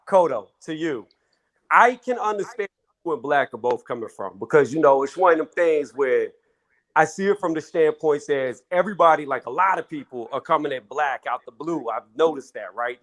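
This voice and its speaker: A man's voice: on the high side, fairly bright tone. A man joining a live panel, talking in a casual, earnest way. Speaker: panel guest.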